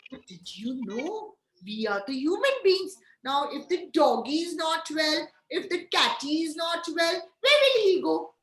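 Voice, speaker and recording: A preschool teacher talks to young children in a high, sing-song voice. She speaks slowly and coaxingly, drawing out her words. Her voice rings in an echoey room. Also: animated, fairly bright tone. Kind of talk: storytelling lesson for young children.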